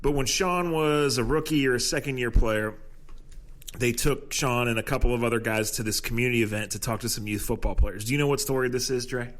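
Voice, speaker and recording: On a podcast, a male co-host swaps sports stories in casual conversation, laughing often and letting sentences trail off. His medium-pitched voice is a bit bright, fairly even in intonation, and a little fast.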